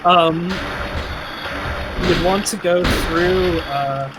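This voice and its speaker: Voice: medium pitch, steady tone, very slow, over loud music, rough recording. A friend on a game stream giving directions hesitantly, with lots of ums. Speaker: friend guiding the player. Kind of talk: casual stream chat.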